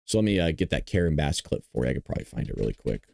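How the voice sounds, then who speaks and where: A man hosting a political commentary show who talks bluntly, swears, and gets animated. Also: a bass voice, racing, vocal fry, slight background noise. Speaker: host.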